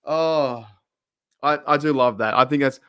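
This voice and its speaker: An Australian man hosting a podcast from his room alone, chatting in an excitable, rambling way and often laughing. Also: medium pitch, unhurried, smooth. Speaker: podcast host. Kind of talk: casual livestream chat.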